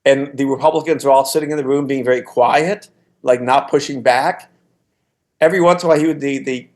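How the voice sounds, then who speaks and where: A man's voice: medium pitch, fairly even intonation, brisk, darkish tone. A man in his sixties, a former political staffer, telling anecdotes in a casual podcast conversation, often restarting his sentences. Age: 60s. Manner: anecdotal storytelling with frequent restarts.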